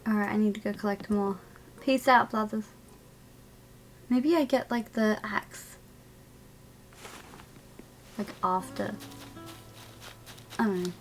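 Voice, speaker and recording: A woman's voice: medium pitch, takes it slowly, long pauses, faint music behind. A woman casually chatting and laughing while live-streaming a video game and talking to her chat.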